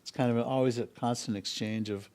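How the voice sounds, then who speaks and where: A man's voice: mid-range voice, steady tone, brisk, darkish tone. Picture a male musician settling into a guest chair at a music school podcast studio. His medium voice wanders through an anecdote, and he stops often to hesitate before picking the thread back up. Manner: rambling, with frequent hesitations. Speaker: musician guest, harmonica and bass player. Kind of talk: casual storytelling in an interview.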